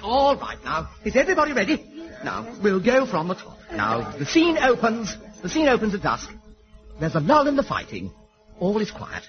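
An actor playing an affected, fussy amateur stage director who talks in a gushing way. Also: male voice, sits high, huge pitch swings, moderate pace, soft background music. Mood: directing. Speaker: theatre director. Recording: dull lo-fi broadcast audio.

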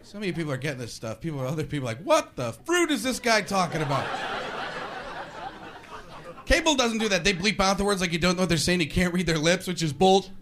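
A man's voice: high voice, expressive, very fast, few pauses, noisy background. A man performing a stand-up comedy routine, ranting and slipping into voices on stage. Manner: rants, switches into voices. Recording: live stage with crowd laughter. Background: audience laughing.

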